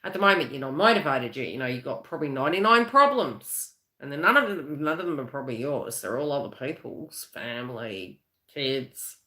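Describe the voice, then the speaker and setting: Woman psychic host, lively and bright, laughs a lot, rambles with restarts; roomy echo. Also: a bass voice, brisk. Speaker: psychic reader hosting a live stream. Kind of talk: live-stream tarot and astrology reading. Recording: echoey room.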